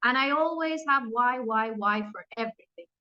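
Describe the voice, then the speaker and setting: A woman in her thirties, born in Iran and raised in England, with an English accent, speaking as an English teacher who answers students' questions with lively, encouraging examples. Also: fairly high pitch, moderate pace, lo-fi sound. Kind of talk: online Q&A with students.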